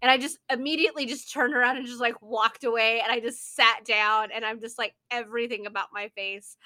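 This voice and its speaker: A young woman co-hosting a podcast, telling stories in animated casual chat with frequent laughter and swearing. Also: on the high side, brisk. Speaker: podcast co-host. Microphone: podcast microphone.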